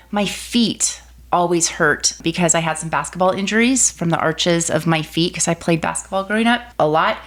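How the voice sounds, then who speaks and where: Animated lower-voiced woman storyteller. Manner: animated storyteller, acts out quoted voices with big pitch jumps. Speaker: podcast guest. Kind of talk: telling a personal faith story.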